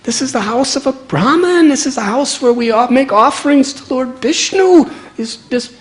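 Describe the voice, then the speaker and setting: A man's voice: very high voice, animated, normal speed, voice pushed up. A man voicing a flustered devout mother who is scolding her young son and stumbling over her words. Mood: alarmed.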